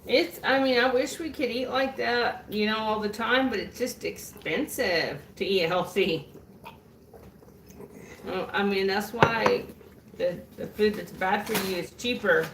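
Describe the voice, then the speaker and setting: Woman, west texas accent, middle-aged, soft-spoken, gravelly, echoey room, off-mic. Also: medium pitch, measured pace, recorded from a distance, slight background noise. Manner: soft-spoken, plain, matter-of-fact. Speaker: co-host. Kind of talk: casual chat while eating dinner.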